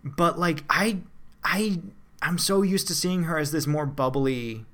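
A man co-hosting a podcast talks casually and animatedly about a film he reviewed, with plenty of restarts and fillers. His voice is fairly high and fairly bright, and he speaks unhurriedly.

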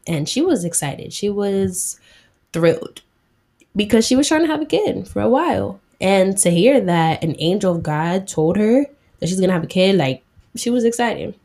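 A woman's voice: mid-range voice, expressive, moderate pace, darkish tone. A woman giving a casual, slangy sermon, retelling a Bible story in a chatty way full of 'like'.

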